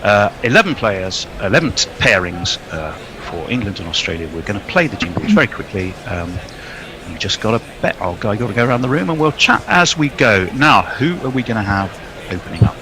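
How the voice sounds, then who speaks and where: A man's voice: fairly low pitch, sing-song, fairly quick, background noise. A man hosting a casual podcast chat, introducing guests with playful, jokey billings. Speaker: host.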